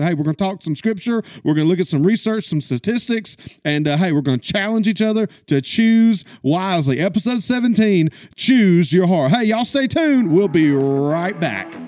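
A middle-aged man, hosting a podcast as a pastor and coach, energetic and preachy, often saying "listen" and "guys". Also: high-pitched, dry recording, clean studio sound. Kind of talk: podcast monologue.

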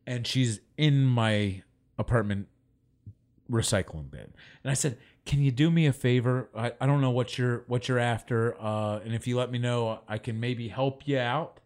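A man's voice: medium pitch, moderate pace. A man co-hosting a podcast in casual chat, telling stories with energy and acting out the people he quotes. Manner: animated storyteller, acts out people he quotes. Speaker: podcast co-host.

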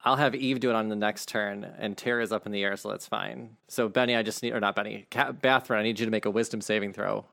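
A man's voice: on the low side, steady tone, fast talker, gravelly, few pauses, fairly bright tone. A man acting as game master, explaining rules casually and swearing now and then. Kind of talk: running a tabletop game.

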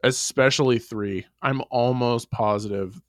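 Male podcast co-host, lively swearing storyteller, dry close mic. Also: medium pitch, measured pace, dry recording. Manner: animated storytelling, swearing, frequent laughs. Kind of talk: casual chat.

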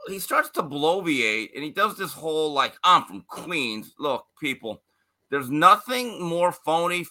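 A male sports writer giving opinionated commentary on a talk show, talking in quick bursts. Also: on the high side, bright, forceful tone. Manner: opinionated, fast bursts, quoting others in put-on voices.

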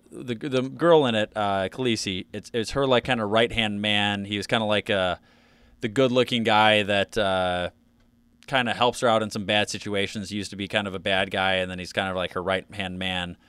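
A man's voice: lowish voice, moderate pace, a bit bright, clear, resonant tone, no room sound. A man co-hosting a casual podcast, rambling through topics with lots of fillers and restarts. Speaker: podcast co-host.

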